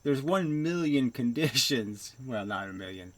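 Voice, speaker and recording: A man's voice: medium pitch, animated, unhurried. A man giving a ranting video commentary, abrasive and mocking, swearing and scoffing with short laughs.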